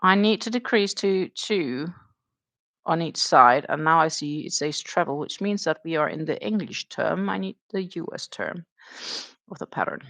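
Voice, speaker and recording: Deep-voiced yet a bit bright, an animated woman with a Danish accent speaks at a normal pace, recorded without room sound. She chats casually while crocheting on her stream, dryly sarcastic and counting stitches out loud.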